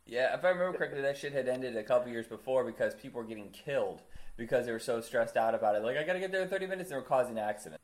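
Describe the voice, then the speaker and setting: A man's voice: mid-range voice, racing. A man from Indiana in his thirties, telling stories in casual chat, swearing freely and acting out voices. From Indiana, USA.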